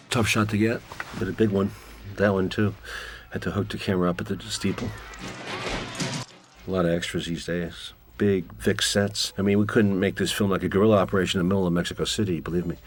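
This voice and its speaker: A man's voice: sits low, fairly even intonation, fairly quick, faint music behind. A man giving a director's commentary, telling candid, wry, rambling stories about a film shoot. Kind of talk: director's commentary, reflective storytelling.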